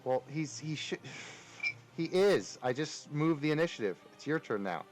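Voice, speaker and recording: A man's voice: on the high side, animated, moderate pace, faint music behind, poor audio. Casual man running a tabletop game. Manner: casual, swears when frustrated. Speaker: game master.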